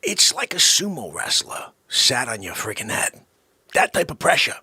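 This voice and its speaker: A man hosting a comedic vlog, excitable and rambling, swinging from shouts down to whispers. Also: medium pitch, moderate pace, slightly rough, no room sound. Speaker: host.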